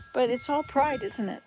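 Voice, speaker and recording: A woman vlogger, recording on her phone from an outdoor garden with wind chimes, rambles through a casual live-stream chat in a chatty, self-chuckling manner. Her voice sits high, and the recording is muffled.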